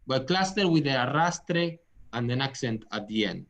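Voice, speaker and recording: A man teaching a tango music lesson. He pauses often to find his words and sings rhythm patterns out loud with syllables. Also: medium pitch, expressive. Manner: halting, searching for words. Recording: dull lo-fi sound.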